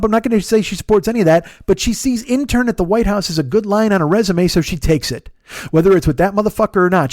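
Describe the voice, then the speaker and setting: A man's voice: sits high, darkish tone, dry recording, clean studio sound. A man in his forties hosting a podcast, delivering a profane, exasperated comedic rant. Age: 40s. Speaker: podcast host.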